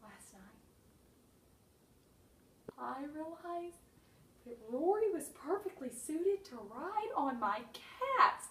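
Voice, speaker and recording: High-voiced woman reading a comic memoir. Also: very animated, slow pace, pauses often, fairly bright tone, roomy sound, far from the mic, slight background noise, rough recording. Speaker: author reading her own story. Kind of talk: humorous memoir narration.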